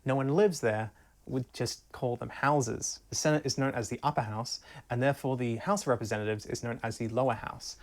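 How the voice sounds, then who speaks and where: A speaker narrating a scripted civics explainer with playful jokey asides. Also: female voice, rumbling low, brisk, darkish tone.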